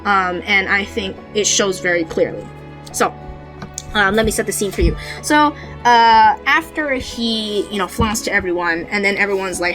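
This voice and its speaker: Over background music, a woman hosting a podcast rambles casually through an analysis of manga panels, full of fillers and false starts. Her voice sits at medium pitch, and she talks at a normal pace.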